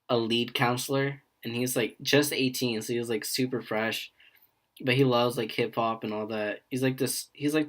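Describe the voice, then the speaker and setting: A young man co-hosting a casual podcast, rambling through stories from his jobs. He keeps pausing on fillers and slips into short impressions of coworkers and customers. His voice sits at an ordinary middle pitch for a man. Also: fairly bright tone. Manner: rambling storyteller who acts out quoted voices. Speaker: podcast co-host.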